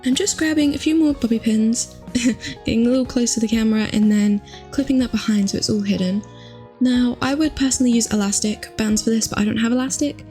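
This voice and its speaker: A young woman chatting casually through a hair tutorial, upbeat and full of fillers, her voice still rough from just waking up. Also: fairly high pitch, brisk, warm tone, faint music behind. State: morning voice, just woken.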